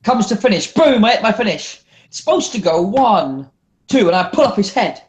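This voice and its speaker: A man's voice: high voice, big pitch swings, moderate pace. A man in casual podcast chat, telling stories animatedly, swearing freely. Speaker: wrestler guest.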